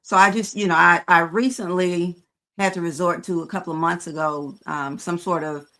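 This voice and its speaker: A woman's voice: on the low side, fairly even intonation, normal speed, sharp tone. A woman in her fifties co-hosting a podcast. She talks frankly and conversationally, with hesitant fillers. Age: 50s. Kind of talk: candid podcast chat.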